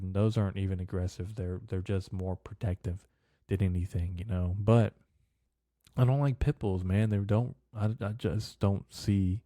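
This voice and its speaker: A man's voice: low-pitched, dark tone, dry recording, studio quality. Profane rambling young man. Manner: loose, profane, rambling with frequent "bro" and "dude". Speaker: podcast host. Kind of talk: casual podcast monologue.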